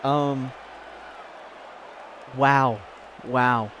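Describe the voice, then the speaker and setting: A man casually commentating a fighting game, excitable and giggly, rambling between calls. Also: mid-range voice, drawn-out words, some chatter behind, a little hiss or hum.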